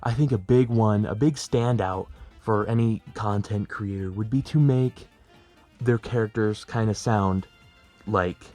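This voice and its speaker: A man's voice: lowish voice, unhurried, darkish tone, soft background music. A young man in a chatty, rambling, self-deprecating tutorial vlog, talking at home as a plush video creator. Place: bedroom at home.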